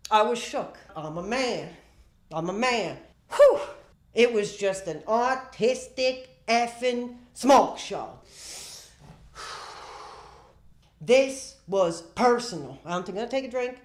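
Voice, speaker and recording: A man's voice: very high-pitched, animated, slow pace, long pauses, echoey room. Rambling, sighing man ranting on stream. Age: 30s. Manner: rambling, dramatic, sighing, stammering restarts. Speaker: livestreamer. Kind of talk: rambling comedic livestream rant.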